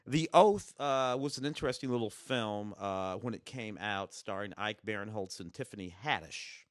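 A man co-hosting a podcast, talking about films in an emphatic, animated way. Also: lowish voice, moderate pace, no echo, studio quality. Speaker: podcast co-host, film reviewer. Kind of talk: casual review chat.

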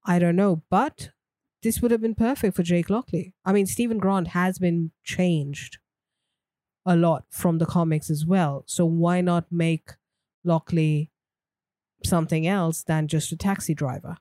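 A woman co-hosting a podcast, her voice low and mellow. She talks things through in a thoughtful, easygoing way and laughs easily. The sound is dry and close. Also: steady tone, unhurried, no room sound. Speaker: podcast co-host. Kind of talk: casual chat.

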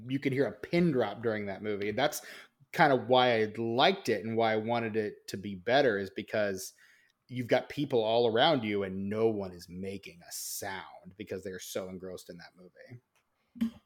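A man's voice: lowish voice, moderate pace. A man co-hosting a movie podcast, chatting casually and reading out production notes, often hesitating and restarting his sentences. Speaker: podcast co-host.

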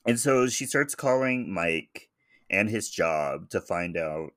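A man's voice: sits low, lively intonation, takes it slowly, fairly bright tone, no room sound, clean studio sound. A man co-hosting a casual podcast, retelling a movie's plot and laughing often. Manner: laughs often, retells scenes with quoted voices. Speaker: podcast co-host. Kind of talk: casual chat recapping a movie.

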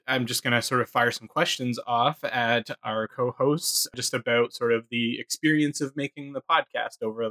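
A man's voice: medium pitch, bright, forceful tone, no room sound. Easygoing man asking questions. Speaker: guest interviewer. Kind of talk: casual podcast interview.

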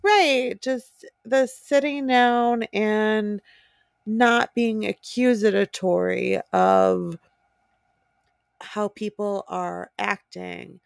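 A woman's voice: mid-range voice, steady tone, drawn-out words, vocal fry, smooth, no echo, studio quality. A woman co-hosting a podcast, speaking earnestly and supportively in casual conversation. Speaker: podcast co-host. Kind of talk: casual chat.

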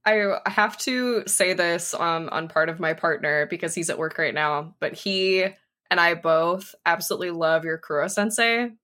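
A woman's voice: lowish voice, moderate pace, bright, forceful tone. A young woman co-hosting a podcast, blunt and laughing often in casual chat. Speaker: podcast co-host.

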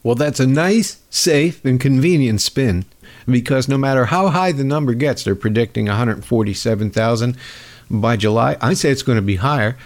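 A man's voice: mid-range voice, lively intonation, moderate pace. A man hosting a podcast, delivering a sarcastic, mocking comedic political monologue. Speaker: podcast host.

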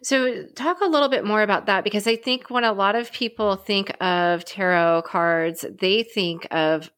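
A woman's voice: medium pitch, moderate pace, fairly bright tone. A woman hosting an interview, asking her guest open, encouraging questions. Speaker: interview host.

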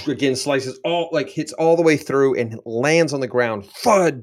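Man narrating as game master. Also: medium pitch. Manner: descriptive, loose narration with fillers.

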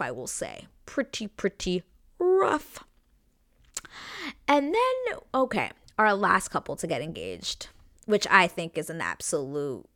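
A young woman gossips through a recap of a reality dating show, her speech full of fillers and casual swearing. Her voice sits slightly low but swings widely in pitch, and she slips into squeaky mock voices when she quotes people. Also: pushed and bright.

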